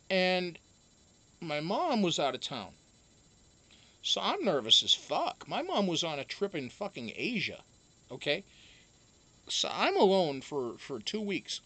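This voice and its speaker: A young man, a reality show houseguest, telling a casual story in a profane, animated way. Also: a little high.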